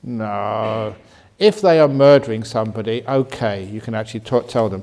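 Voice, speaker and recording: A man, a Buddhist monk, answering questions at a meditation retreat in a gently humorous way, slowing and softening his voice to show calm speech. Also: on the low side, vocal fry. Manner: gently humorous, laughs at his own jokes. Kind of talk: dharma Q&A talk at a retreat.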